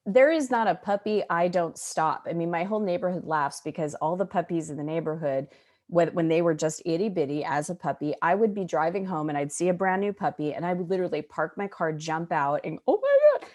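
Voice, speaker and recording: A woman hosting a podcast in casual, bubbly conversation, gushing and animated. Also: on the low side, fairly quick. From Arizona, United States. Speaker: podcast host.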